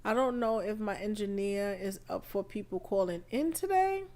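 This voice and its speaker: A woman hosting a live podcast stream, feeling under the weather and chatting in an unhurried, rambling way full of fillers. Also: medium pitch, lively intonation, darkish tone. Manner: unhurried, chatty, thinking aloud with many fillers. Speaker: podcast host. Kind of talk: casual live-stream talk.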